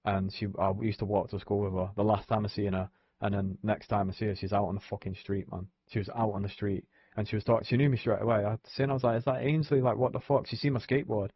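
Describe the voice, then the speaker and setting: A man's voice: fairly low pitch, level tone, fast, husky, no echo, dull audio. A young man, rambling casually on a live stream, swearing often and filling gaps with "you know what I mean". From England.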